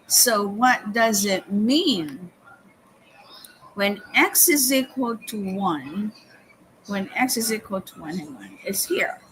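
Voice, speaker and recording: A woman teaching calculus step by step in a live lesson, often pausing with "okay" and "hang on". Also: medium pitch, animated, slight background noise, poor audio. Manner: slow, step-by-step explaining with frequent "okay" and "hang on". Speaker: math teacher.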